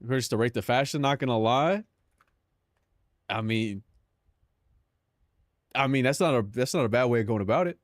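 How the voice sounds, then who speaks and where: A man's voice: mid-range voice, normal speed, long pauses, no echo, studio quality. A young man streaming live, chatting casually, joking and swearing, often laughing at his own bits.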